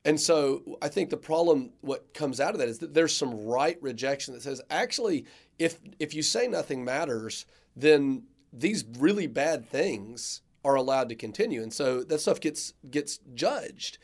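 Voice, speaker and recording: A man's voice: mid-range voice, lively intonation, unhurried. Reflective man musing on a podcast. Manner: reflective, filler-heavy with frequent "like". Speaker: theologian and ethicist, podcast co-host. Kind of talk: casual podcast discussion.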